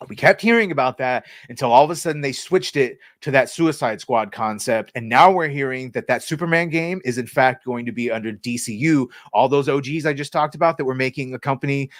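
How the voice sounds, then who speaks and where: A man's voice: medium pitch, fairly quick, no room sound. A man in an average register rants through a casual podcast chat, sarcastic and loose with his swearing. His voice sits close and dry on the mic, with no room sound around it. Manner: ranting, sarcastic, swears freely. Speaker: co-host.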